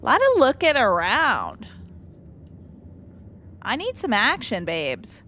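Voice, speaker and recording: A woman's voice: on the high side, huge pitch swings, slow pace, pushed and bright. A young woman streaming a horror game, joking and swearing bluntly as she plays, with faint game music behind. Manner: blunt, profane, joking asides. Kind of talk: casual gameplay commentary.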